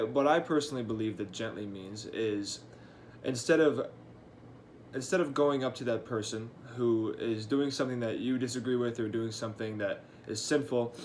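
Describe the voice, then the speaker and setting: Young guy doing a quick church devotional, earnest and casual, bit of room hum behind. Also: medium pitch. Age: young adult. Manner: earnest, casual, with fillers and restarts. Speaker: high school church intern giving a devotional. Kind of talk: short devotional talk.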